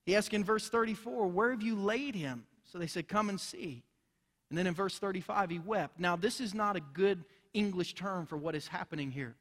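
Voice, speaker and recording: A man's voice: high voice, moderate pace, fairly bright tone. A man preaching a sermon as pastor, earnest and emphatic, building in intensity as he drives his points home. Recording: long reverb of a large hall.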